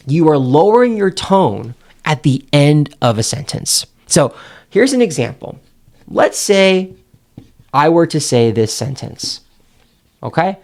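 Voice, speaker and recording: A man teaching confident speaking as a coach, pausing for effect and acting out example sentences. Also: on the high side. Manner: demonstrates intonation with example sentences; emphatic, pauses for effect. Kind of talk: instructional talk.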